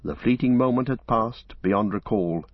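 A man narrating a story in a measured, expressive storytelling manner. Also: on the low side, dry recording, highs cut off. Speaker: audiobook narrator. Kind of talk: scripted narration.

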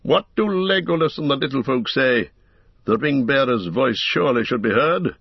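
A man reading the part of a proud, wary warrior in an audiobook, declaiming in a forceful way. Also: medium pitch, animated, moderate pace, creaky, breathy edge, no echo, pitched above the performer's own voice. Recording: dull lo-fi recording.

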